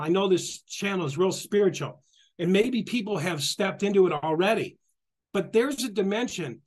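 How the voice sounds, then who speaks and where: Middle-aged guy with a pretty high voice, animated spiritual talk, repeats himself a lot, acts out quotes. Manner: animated, repetitive, acts out quotes, laughs often. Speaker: spiritual guest speaker.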